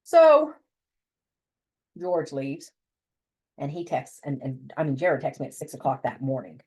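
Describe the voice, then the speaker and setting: Animated husky-voiced woman telling her story. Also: sits low, unhurried, poor audio. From United States. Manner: animated, acts out voices when quoting people. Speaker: interview guest. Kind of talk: personal storytelling.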